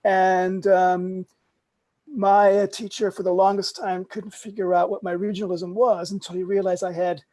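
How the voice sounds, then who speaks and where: A middle-aged German actor with a slight German accent chats thoughtfully on a video-call panel, often hesitating with ums. His voice is high and a little mellow, with little pitch movement and a moderate pace.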